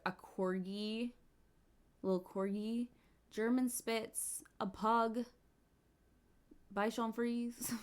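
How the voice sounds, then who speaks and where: Bubbly young woman playing a life-sim. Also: medium pitch. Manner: bubbly, gushing, quick asides and giggles. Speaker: gaming YouTuber. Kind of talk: casual life-sim let's play commentary.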